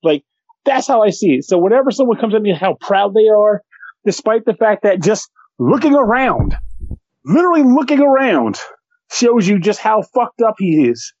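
Animated, high-voiced swearing podcast man. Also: moderate pace, dry recording, highs cut off. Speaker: podcast co-host. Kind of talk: casual ranting chat.

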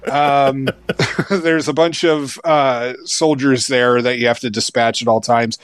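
A man's voice: medium pitch, steady tone, slow, clean tone, no echo. A man in his thirties reviewing a video game in casual chat, rambling with lots of fillers and restarts, and laughing easily. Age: 30s. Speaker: game reviewer, podcast co-host.

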